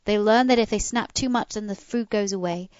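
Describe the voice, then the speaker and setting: A woman's voice: brisk, clean tone, no room sound, muffled recording. Woman giving dog training tips. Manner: animated, demonstrates commands in a soft low voice. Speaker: podcast co-host and dog trainer. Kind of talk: casual podcast chat giving dog training advice.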